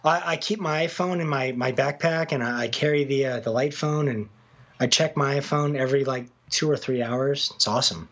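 Husky guy co-hosting a podcast over a call, keeps restarting his sentences. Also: mid-range voice, a bit bright, dull audio. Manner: halting, repeats his words. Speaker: podcast co-host. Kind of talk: casual chat. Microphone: remote call.

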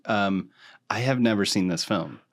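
A man co-hosting a podcast in easy, casual chat. His voice sits on the low side, and he drops dry, teasing remarks. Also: a little slow. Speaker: podcast co-host.

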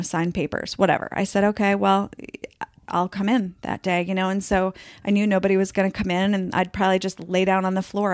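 In a casual podcast interview, a woman shares her personal story, chatty and packed with fillers, now and then acting out what other people said. Her voice sits in the mid range, and the studio sound is clean with no echo.

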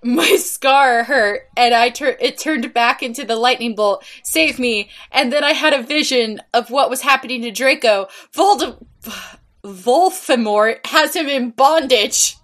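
Higher-voiced woman reading with wry asides. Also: unhurried, fairly bright tone. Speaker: podcast co-host. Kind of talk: comedic dramatic reading.

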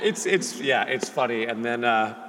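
A middle-aged man in casual podcast chat, animated as he acts out family banter. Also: medium pitch, moderate pace. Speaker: podcast co-host. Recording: long hall reverb, faint noise.

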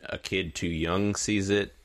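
A man in his thirties in casual chat, reviewing a film in a rambling, halting, hedging way. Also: deep voice, fairly even intonation. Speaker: podcast co-host, film reviewer.

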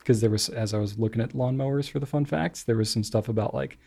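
A man's voice: medium pitch, fast, vocal fry, dark tone. An American man co-hosting a casual podcast, chatty, laughing easily and trailing off with ums. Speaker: podcast co-host. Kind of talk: casual chat.

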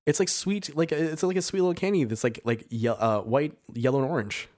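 A man's voice: on the high side, brisk, a little mellow, no echo, studio quality. A man co-hosting a casual podcast, chatty and full of "like" fillers, eager about trivia he researched. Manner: chatty, lots of "like" fillers, giddy about facts. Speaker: podcast co-host.

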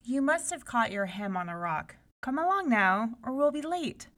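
A woman's voice: a little high, very animated, moderate pace, fairly bright tone, voice pushed up. A woman voicing a haughty eldest princess who scolds her younger sister impatiently. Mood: scolding. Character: bossy scornful eldest princess.

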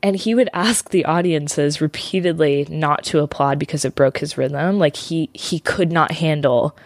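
A woman's voice: low-pitched, moderate pace, dry recording. A woman co-hosting a casual chat show, telling a story and laughing often as she talks. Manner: giggly, laughs often mid-sentence. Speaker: podcast co-host telling the story.

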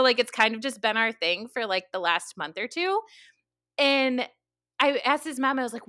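A young woman in her twenties telling a funny story in casual chat, animated and full of fillers and laughs. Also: a little high, moderate pace, dry recording, studio quality. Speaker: podcast co-host.

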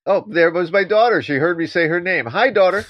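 A man who teaches Zen, co-hosting a casual podcast discussion and talking in an animated, playfully teasing way. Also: sits high, brisk. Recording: dull, dry lo-fi sound.

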